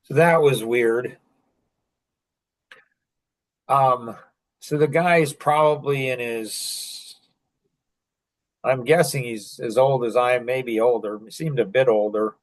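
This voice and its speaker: A man in his sixties tells a story in a laid-back podcast conversation at an unhurried pace. He rambles and restarts often, and his voice sits at a middling pitch. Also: low-quality recording. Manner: rambling and halting, with many fillers and restarts.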